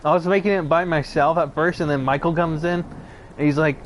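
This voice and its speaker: A young man with a somewhat high voice tells personal stories in a loose, rambling way. He stumbles, restarts and fills pauses with "like" and "uh". A faint hum of noise sits under the recording. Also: steady tone. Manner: rambling and hesitant, full of fillers and restarts. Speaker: channel host recounting personal stories. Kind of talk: casual storytelling.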